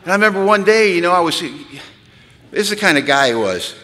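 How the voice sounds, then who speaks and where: Male speaker at a recovery gathering, animated comic storyteller, bright, slightly high voice, reverberant hall. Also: brisk. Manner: lively, animated, punchline-driven storytelling. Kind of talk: humorous storytelling talk to an audience. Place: large hall.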